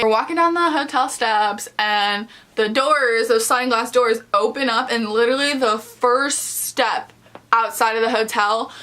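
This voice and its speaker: Chatty young woman with a bright voice. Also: on the high side. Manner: chatty, profane, filler-heavy. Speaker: vlogger. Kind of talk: casual storytime.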